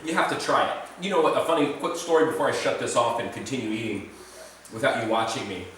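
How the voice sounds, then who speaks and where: A man's voice: mid-range voice, quick pace, fairly bright tone, slight background noise. Chatty man, echoey distant mic. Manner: chatty, self-deprecating, rambling. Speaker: food vlogger. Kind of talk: rambling casual food vlog. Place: indoors in Serbia, roomy space.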